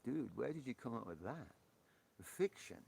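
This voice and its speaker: A man's voice: medium pitch, very animated, moderate pace, creaky, dark tone, breathy edge. A man hosting a live stream on a porch, chatting casually with viewers, joking and laughing often. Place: outdoor porch.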